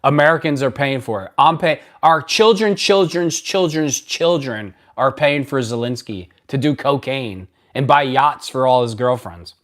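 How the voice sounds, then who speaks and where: A man hosts a casual live stream, talking straight to his viewers at his computer mic. He is blunt and rambling, breaks off and restarts sentences, and swings from loud outbursts to low mutters. His voice sits at an ordinary middle pitch. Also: lively intonation, unhurried, hardly any pauses. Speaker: livestream host. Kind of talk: casual live-stream chat reading comments.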